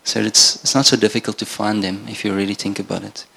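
A middle-aged male pastor from Namibia delivers a sermon in an earnest, conversational manner. His voice sits low with a gravelly edge. He speaks with little rise and fall in pitch. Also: level tone, fast talker, bright, forceful tone. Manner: earnest, conversational preaching with restarts.

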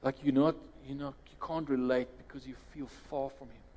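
A man's voice: medium pitch, steady tone, brisk, mellow, big-room sound, a little hiss or hum, rough recording. A South African man preaching a sermon and leading prayer in a conversational way, restarting phrases and rising sharply when he quotes others.

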